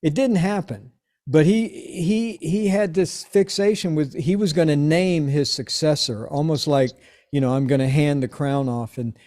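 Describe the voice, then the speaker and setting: A middle-aged man telling an anecdote in an interview, lively and acting out the quoted voices as he goes. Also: a little high, unhurried. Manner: animated storyteller, acts out quoted voices. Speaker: interview guest. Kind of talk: storytelling anecdote.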